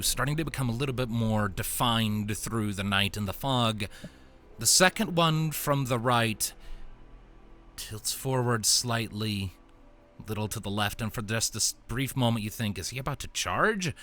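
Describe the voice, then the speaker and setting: A man's voice: mid-range voice, unhurried, a bit bright, soft background music. A man narrating as game master of a tabletop role-playing game, describing scenes in a loose, meandering way.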